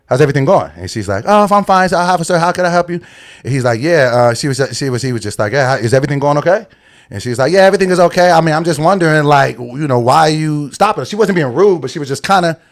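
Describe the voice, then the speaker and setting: A young adult man telling a story in casual podcast chat, acting out quotes and laughing often. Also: medium pitch. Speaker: podcast co-host.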